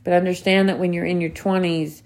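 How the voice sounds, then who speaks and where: This woman's voice runs somewhat low and dark, with a level tone and a slightly quick pace. Hosting her own motivational podcast in her thirties, she talks earnestly and emphatically, repeating important phrases and letting casual curses slip.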